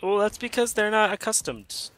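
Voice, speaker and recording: A man co-hosting a casual comedy chat, laughing a lot and quickly chiming in with jokes. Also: sits high, lively intonation, fairly bright tone. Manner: laughing, joking, quick to chime in. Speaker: podcast co-host.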